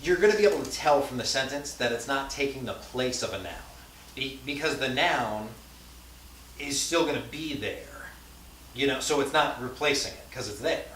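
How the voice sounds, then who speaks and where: A man teaches a language class in a conversational lecture style, frequently using fillers and checking in with his students. His voice is mid-range, a bit bright, at a normal speed, recorded from a distance in an echoey classroom with faint hiss.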